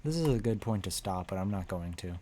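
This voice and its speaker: A man's voice: deep voice, animated, fairly quick, mellow. A tired man streaming a video game, rambling and joking in a casual way. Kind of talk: casual game livestream commentary.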